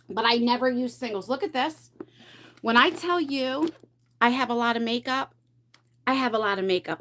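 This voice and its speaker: A woman's voice: on the high side, a bit bright. A woman hosting a casual beauty livestream from home, chatty and rambling, laughing often and a bit out of breath. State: a bit out of breath from carrying heavy boxes. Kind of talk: casual live chat while decluttering makeup. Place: at home, in pajamas.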